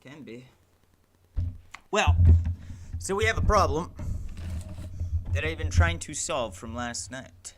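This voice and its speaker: A young man talking live as he builds a game, in a casual stream-of-consciousness ramble peppered with "like" and "man". His voice sits a bit high and sounds bright and sharp. He curses freely and sounds exasperated with his software. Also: lively intonation, takes it slowly, long pauses, a little hiss or hum. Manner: exasperated, swears a lot, rants at his software; fillers "like" and "man" throughout. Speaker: indie game developer streaming his work. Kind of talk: casual livestream commentary while working.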